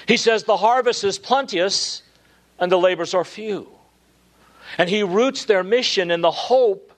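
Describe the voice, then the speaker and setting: A man with a fairly high voice delivers an earnest expository sermon. He rises to emphatic peaks and then drops into low, hushed passages to stress a point. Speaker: preacher.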